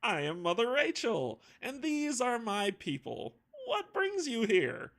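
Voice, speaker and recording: A man's voice: very high-pitched, huge pitch swings, slow pace, gravelly, a bit bright, pitched above the performer's own voice, full character voice. A man doing an imposing village matriarch. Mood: grand welcoming.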